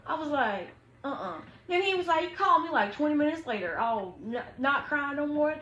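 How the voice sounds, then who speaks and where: A young woman, telling a story to her viewers in an animated, slangy way, acting out what people said. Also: high voice, fairly quick, reverberant, lo-fi sound. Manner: animated, slangy, quotes people in lively voices. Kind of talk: casual storytime chat.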